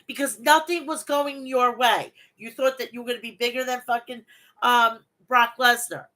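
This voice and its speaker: Reading an event recap aloud, a woman hosting her own wrestling review show goes on a heated, blunt rant full of swearing. Her voice is a little high, bright and forceful at a normal pace, and the recording quality is low.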